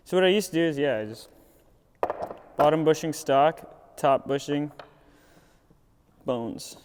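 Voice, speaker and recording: A young man, a pro skateboarder, telling stories in a casual, animated way, laughing a lot and acting out what people said. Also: mid-range voice. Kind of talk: casual storytelling. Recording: echoey room with loud background noise.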